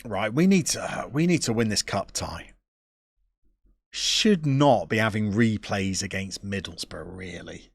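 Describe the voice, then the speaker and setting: A man's voice: fairly low pitch, animated, unhurried, vocal fry, breathy edge, no room sound, studio quality. A man chatting casually on a live game stream, reading viewer messages in a chatty, self-deprecating way. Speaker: Football Manager streamer.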